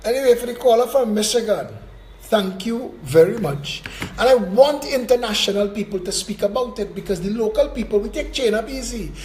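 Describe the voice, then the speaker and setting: High-voiced Trinidadian talk-radio host. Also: male voice, lively intonation, a little mellow, a little hiss or hum. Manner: brisk, blunt, mocking rants. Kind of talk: call-in talk show.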